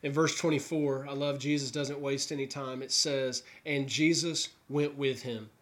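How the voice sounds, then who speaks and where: A man's voice: medium pitch, steady tone, moderate pace, fairly bright tone. A man preaching an Easter sermon, telling a Gospel story earnestly and voicing the characters' thoughts. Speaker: pastor. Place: New York.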